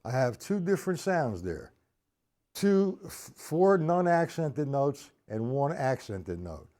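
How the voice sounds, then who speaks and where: A man's voice: mid-range voice, very animated, slow pace, mellow, slight background noise. A man teaching drum rudiments on a live stream, counting beats aloud and chatting with viewers in the chat.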